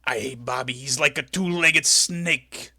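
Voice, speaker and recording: A man impersonating a brash, hyped male wrestler, talking in a raspy growling drawl. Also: medium pitch, unhurried, pushed and bright, dry recording, studio quality.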